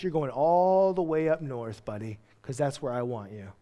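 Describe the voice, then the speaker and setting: A man's voice: a little high, expressive, brisk, long reverb tail. A male pastor preaching a sermon in a casual, joking manner, full of slangy asides. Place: church.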